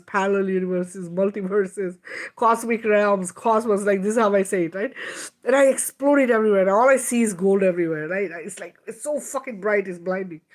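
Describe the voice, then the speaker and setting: A woman with a mid-pitched voice leads a spiritual healing talk. She speaks in a casual, emphatic way, swearing freely and laughing often. She keeps checking in with her listeners by asking "right?". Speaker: spiritual teacher. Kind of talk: spiritual teaching monologue.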